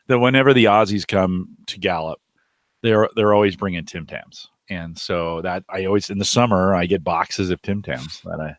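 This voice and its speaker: Laid-back guy chatting on a podcast, low voice, dry sound. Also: moderate pace, no room sound. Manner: relaxed, easygoing, repeats himself. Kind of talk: casual chat.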